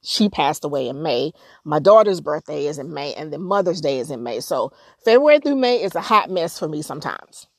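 A middle-aged woman from North Carolina hosts her podcast in a candid, conversational voice that sits on the low side. She breaks into animated bursts now and then. The recording is dry and close. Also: fairly quick, no echo. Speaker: podcast host. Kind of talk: personal storytelling podcast.

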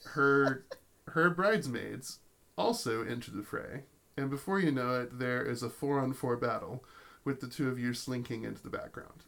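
A male game master narrates a tabletop campaign in a gravelly, creaky mid-range voice. He stumbles into restarts and fillers as he spins the scene. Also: mid-range voice, normal speed, a bit bright. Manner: storytelling with many fillers and restarts.

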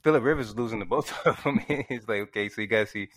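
A man's voice: lowish voice, quick pace, a bit bright. A man co-hosting a sports podcast in casual chat, laid-back and slangy, laughing often. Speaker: podcast co-host.

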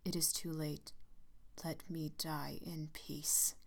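A dying, bitter old man, as a woman reader puts him on, hollow and whispery in a storybook tale. The voice drops low and quiet, yet stays smooth and clear. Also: flat delivery, moderate pace, close to an everyday voice. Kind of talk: storybook reading.

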